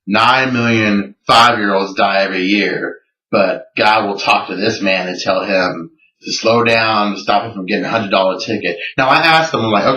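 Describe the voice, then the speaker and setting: Captured in a roomy, distant, dull lo-fi recording, a man with a fairly low, pushed and bright voice speaks at normal speed. He recounts conversations earnestly and with disbelief in a personal video submission.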